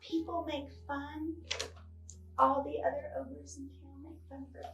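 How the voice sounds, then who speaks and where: A woman librarian recommending children's books, telling their stories in an animated way with frequent exclamations. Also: sits high, unhurried, muffled recording. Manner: animated storytelling, exclaims often. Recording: roomy echo, distant mic, faint guitar music.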